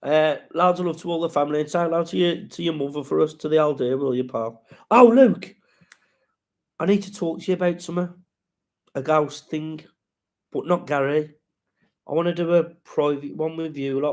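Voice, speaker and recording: Gravelly man chatting on a live stream. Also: fairly high pitch, a little mellow. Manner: rambling, sweary, reads out viewer comments and greets them. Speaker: comedian hosting a live chat. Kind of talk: casual live-stream chat.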